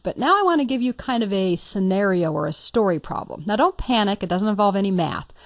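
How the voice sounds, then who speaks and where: A woman's voice: mid-range voice, expressive, fairly quick, dry recording. A woman teaching a recorded computer lesson, explaining with a playful, conversational story. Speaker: computer instructor. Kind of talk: recorded lecture.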